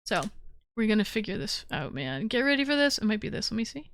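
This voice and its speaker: A young woman hosting a live-streamed call-in show, chatting casually and getting excited as she talks. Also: mid-range voice, quick pace, smooth. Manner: excitable, chatty, bursts into shouting and humming beats.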